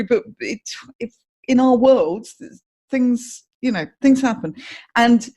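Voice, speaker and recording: A woman's voice: lowish voice, a little mellow. A middle-aged woman hosting a podcast, chatting casually with many fillers and restarts. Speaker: podcast host. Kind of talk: casual interview chat.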